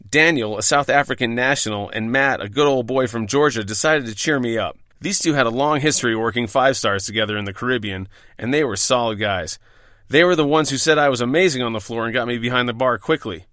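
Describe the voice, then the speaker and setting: With a sharp-toned, mid-range voice, a man tells his own bar stories on his podcast, reading from a script in the first person. The delivery is wry, profane and self-deprecating, and the studio-quality audio has no room sound.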